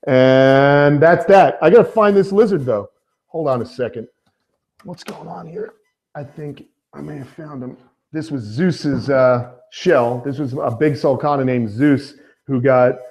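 A man's voice: medium pitch, darkish tone. A man hosting a casual live stream about reptiles, rambling and upbeat, with lots of fillers, greeting viewers by name. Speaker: reptile keeper and channel host.

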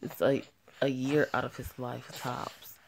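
Woman voicing a gravelly male crime boss, low and commanding, for a homemade story drama. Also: fairly even intonation, unhurried, full character voice. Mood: firm. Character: stern man, head of a gang. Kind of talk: amateur voiced story drama.

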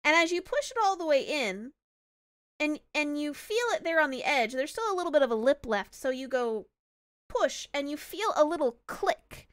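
A woman's voice: high voice, very animated, normal speed, fairly bright tone, dry recording. A woman narrating as game master of an online tabletop game, rambling with frequent restarts.

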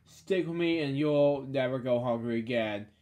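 A man's voice: mid-range voice, moderate pace, a little mellow, natural voice. A man reading the lines of a scheming villainous male lion uncle from a storybook, in his own plain voice. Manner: read plainly in the reader's own voice.

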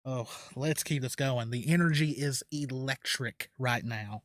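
A man's voice: medium pitch, measured pace, a little hiss or hum. A man filming a card pack unboxing at home, talking to himself as he sorts cards into piles and gasping and tearing up over his good pulls, speaking into a desk mic. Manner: excitable, gasping, near tears; talks to himself while sorting cards. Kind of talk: casual unboxing commentary. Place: home at night, quiet.

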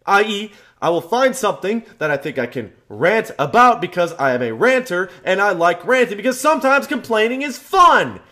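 A man ranting to camera as a vlog host, loud, profane and emphatic. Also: high voice, big pitch swings, normal speed, hardly any pauses. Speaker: channel host.

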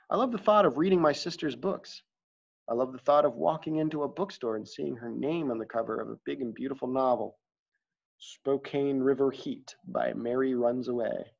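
A man's voice: medium pitch, vocal fry. A man reading a first-person audiobook in a plain, confessional storytelling manner, in a dull lo-fi recording. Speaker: audiobook narrator.

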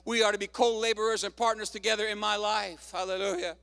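A man pastor preaching a fervent sermon, calling out hallelujahs and shouting to the congregation. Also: high voice, little pitch movement, quick pace, creaky, no echo.

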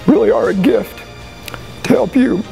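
Emotional American man giving a halting speech. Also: high voice, creaky, mellow, faint music behind, low-quality recording. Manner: halting, emotional, with frequent pauses and restarts. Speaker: high school football coach. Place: banquet room with an audience.

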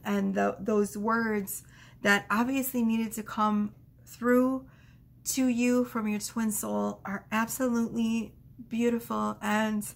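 A woman tarot reader talking gently and affectionately to her viewers, reading oracle card messages aloud slowly. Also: on the high side, creaky.

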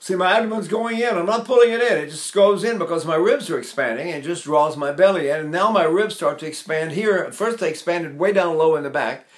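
Older man in his eighties, voice teacher, chatty demo of breathing, slightly high voice. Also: a little fast, hardly any pauses. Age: 80s. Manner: chatty, demonstrative, holds breath while talking. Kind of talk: demonstrating breathing technique.

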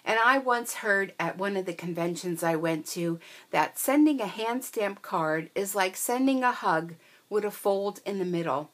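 A woman's voice: mid-range voice, animated, moderate pace, fairly bright tone. Gushing, chatty woman crafter. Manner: gushing, chatty, with many ums. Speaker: craft vlogger. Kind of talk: casual show-and-tell.

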